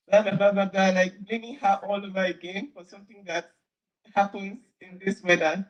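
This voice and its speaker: A woman's voice: medium pitch, steady tone, moderate pace, highs cut off. A woman on a live stream, talking bluntly and scolding, with a mocking edge. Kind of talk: casual live-stream chat.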